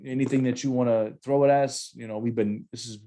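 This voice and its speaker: A young man with a mid-pitched voice hosts a relaxed podcast, talking like he's with a close buddy. His storytelling is loose and animated, with plenty of slang and "bro" thrown in. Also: brisk. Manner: casual, says bro a lot, animated storytelling. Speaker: podcast host, former Marine sergeant. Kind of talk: casual podcast chat, storytelling.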